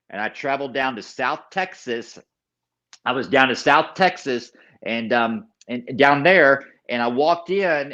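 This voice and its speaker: Male guest, mid-pitched, giving a personal testimony with emphatic repetition. Muffled, low-fidelity recording. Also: sharp tone. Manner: emphatic storyteller, repeats key phrases; acts out other people's lines in the story. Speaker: podcast guest.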